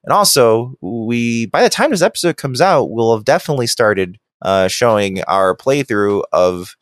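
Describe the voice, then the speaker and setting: A man's voice: medium pitch, moderate pace, no echo, studio quality. Chatty, laughing male podcast host. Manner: laughs often, relaxed and chatty. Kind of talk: casual podcast chat.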